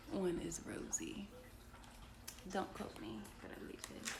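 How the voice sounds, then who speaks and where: Slow, animated woman reading bedtime stories. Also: mid-range voice, gravelly, background noise. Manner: chatty, playful, talks to her audience. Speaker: children's book reader. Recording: echoey room with faint ambience.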